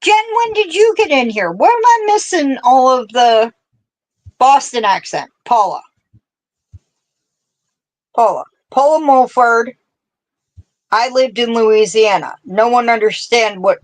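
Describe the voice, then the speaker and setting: A woman with a central Pennsylvania accent, chatting casually on a craft livestream, laughing often and reading out viewer comments. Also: on the high side. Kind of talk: casual chat while crocheting.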